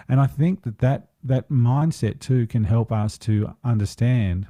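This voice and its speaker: A man's voice: mid-range voice, unhurried, hardly any pauses, dark tone, dry recording. A man speaking as an empowerment coach in a podcast interview, earnest and reflective, taking his time over his thoughts.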